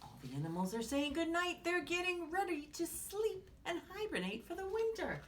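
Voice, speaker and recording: A woman teaching children, reading a picture book aloud with animated tones and hushed whispered asides. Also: very high-pitched, normal speed, few pauses, slight background noise. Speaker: children's story-time teacher.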